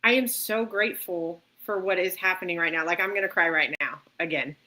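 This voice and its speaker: A woman hosting a casual chat, speaking in an emotional, halting way with many restarts. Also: lowish voice, bright, forceful tone, poor audio. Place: livestream.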